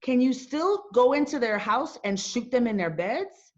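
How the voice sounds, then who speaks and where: A woman's voice: on the high side, very animated, unhurried. A middle-aged woman speaking to an audience, emphatic and full of rhetorical questions that she often repeats. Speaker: founder and host giving a talk. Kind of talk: impassioned talk to an audience. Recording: dull lo-fi sound.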